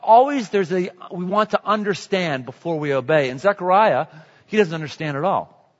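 A man preaches an animated, jokey sermon and repeats his points. His voice sits a little high. It carries a long hall echo and sounds dull. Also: moderate pace. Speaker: pastor.

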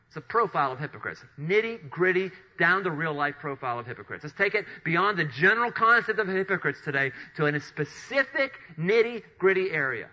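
A man preaching a sermon, retelling Bible stories with animated storytelling and acted-out voices. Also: sits high, brisk, hardly any pauses. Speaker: pastor. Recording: dull lo-fi sound.

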